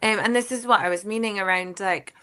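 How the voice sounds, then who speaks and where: A woman guest chats about her venture on a podcast, friendly and keen. Her voice is an ordinary mid pitch, and she often trails off and restarts her sentences. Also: brisk, pushed and bright, smooth. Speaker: podcast guest, business founder. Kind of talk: casual interview chat.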